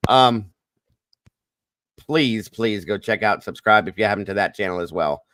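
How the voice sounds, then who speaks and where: A man hosting a livestream, rattling off quick, folksy greetings to viewers by name. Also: fairly low pitch, a bit bright, no room sound, clean studio sound. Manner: fast, folksy greetings with Southern-style phrasing. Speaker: livestream host. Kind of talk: casual livestream shout-outs.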